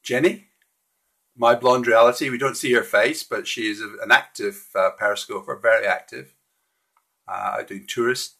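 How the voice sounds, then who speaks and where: Husky-voiced man hosting a live stream. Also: mid-range voice, a bit bright. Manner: friendly, hesitant, frequent restarts. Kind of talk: casual live-stream walkthrough of slides.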